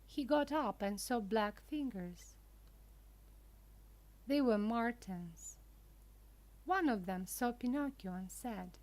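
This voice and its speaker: Here a female narrator, her pitch somewhat high, shares a children's story with English learners. Her tone is animated yet darkish, and she keeps the phrasing simple, pacing each word very slowly, deliberately and clearly.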